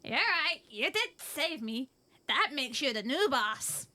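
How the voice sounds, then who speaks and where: A woman voicing a scrappy, sly male redcap goblin who haggles and bosses, in an animated story. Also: high-pitched, slow pace, exaggerated voice. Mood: scheming.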